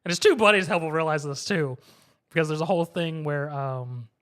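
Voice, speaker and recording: A man recapping an anime episode in casual chat, lively and quick to laugh, acting out the characters' lines. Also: fairly high pitch. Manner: animated retelling, acts out characters' lines, laughs often. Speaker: podcast co-host.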